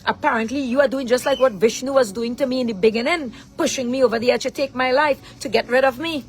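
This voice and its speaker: A middle-aged woman with a high-pitched voice delivers an angry rant straight to the camera. She talks as a mother laying into her daughter, confrontational and full of rhetorical questions. Faint music sits under her voice. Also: fast talker, low-quality recording. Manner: confrontational, keeps asking "huh?" rhetorically.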